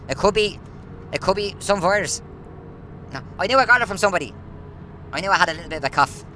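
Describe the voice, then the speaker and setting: A man's voice: high voice, lively intonation, fast, long pauses, sharp tone, a little hiss or hum. A man, ranting in a casual monologue full of rhetorical questions. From Ireland. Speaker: vlogger.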